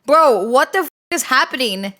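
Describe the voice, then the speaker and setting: A woman streamer chatting casually with her live chat, excitable and quick to swear and laugh. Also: high voice.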